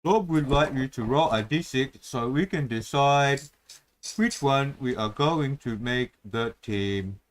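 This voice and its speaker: A man's voice: medium pitch, takes it slowly. A man hosting a casual chat, rambling with many fillers and restarts while he draws a map and rolls dice. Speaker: host drawing a dungeon map.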